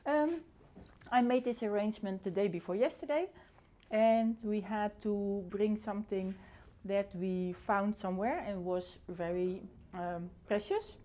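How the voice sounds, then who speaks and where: A middle-aged woman casually presenting her flower arrangement in a classroom, in a relaxed, hesitant way with many pauses. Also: mid-range voice. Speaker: floristry student and shop owner. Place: floristry classroom.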